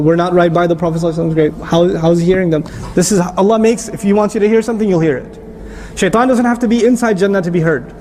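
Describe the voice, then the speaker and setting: Man, middle-aged, preacher, high voice, rhetorical questions, animated teaching tone. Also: a little hiss or hum. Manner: explains with rhetorical questions, rising animated at times. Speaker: Islamic preacher. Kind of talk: sermon-style Quran lecture.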